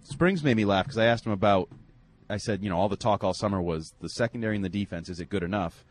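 A man co-hosting a sports radio show, talking fast and wound up. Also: lowish voice. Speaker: co-host. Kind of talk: casual sports radio chat.

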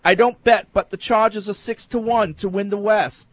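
High-voiced sardonic sports talk host. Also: male voice, fairly even intonation, normal speed, no echo. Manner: sardonic, mocking. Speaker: sports talk host reading listener questions. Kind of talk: sports talk show banter.

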